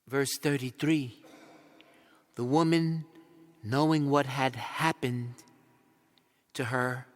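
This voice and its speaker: A man's voice: mid-range voice, long reverb tail. A male priest giving a retreat sermon, telling the story animatedly, acting out voices and sometimes dropping to whispers. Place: large church.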